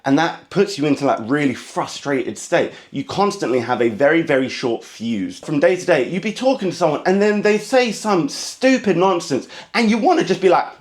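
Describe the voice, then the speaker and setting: This English-accented man is a stand-up comedian doing a comedic monologue at a quick clip. His storytelling is lively and impatient, punctuated by sudden squeaky mocking voices.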